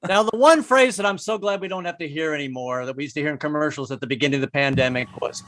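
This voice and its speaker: High, bright-voiced older male comic. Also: fast, hardly any pauses, rough recording. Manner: wry, self-mocking, stammers on restarts. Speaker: comedian. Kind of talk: stand-up comedy.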